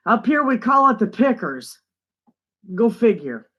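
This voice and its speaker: A woman's voice: on the high side, big pitch swings, unhurried, a bit bright. Older homestead lady on a live stream, just chatting away, reading comments and saying hi to folks. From northern Michigan, USA. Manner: chatty, reads viewer comments aloud and greets them. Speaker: homestead channel host. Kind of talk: casual live-stream chat. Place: home, away from the living room.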